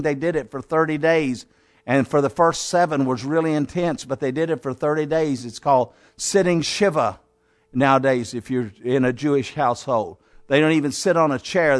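A man preaching a storytelling sermon, acting out the quotes with sudden swings between loud and soft. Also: fairly high pitch.

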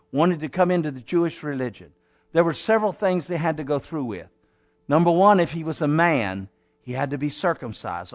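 High-pitched guy preaching, emphatic, loud then low, lots of rhetorical questions. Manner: emphatic, rising to near-shouts and dropping low, with rhetorical questions. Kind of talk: sermon.

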